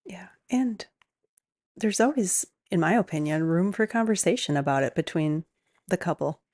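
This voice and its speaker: A woman co-hosting a podcast, soft-spoken and agreeable in casual chat. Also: on the low side, expressive, moderate pace, no room sound. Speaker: podcast co-host.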